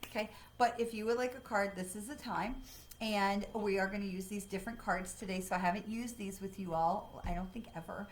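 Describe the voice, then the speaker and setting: A woman hosting a live card-reading stream, chatty and excitable, with lots of fillers, talking from home. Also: mid-range voice, fairly quick, slight background noise, poor audio. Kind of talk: casual livestream talk. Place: home, dog nearby.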